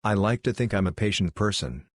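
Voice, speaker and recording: Man, very low voice, husky, dry close sound, reads stories aloud. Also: animated, brisk, no room sound. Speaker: narrator reading posts. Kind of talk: reading online stories aloud.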